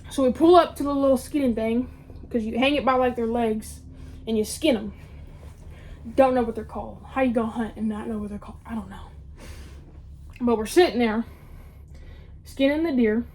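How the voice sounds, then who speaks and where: A young woman telling a story in a casual, animated way, full of slang and swearing. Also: fairly high pitch, moderate pace, long pauses. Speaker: vlogger.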